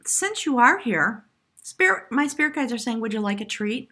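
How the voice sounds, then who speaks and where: A woman giving a casual live tarot reading, excitable and quick to laugh and exclaim, sometimes reading slowly aloud from a book. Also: a little high. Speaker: tarot reader.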